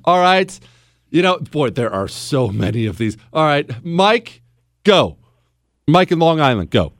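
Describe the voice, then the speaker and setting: A man hosting a call-in radio talk show, animated and sarcastic, laughing often. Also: fairly high pitch, unhurried, no echo, clean studio sound.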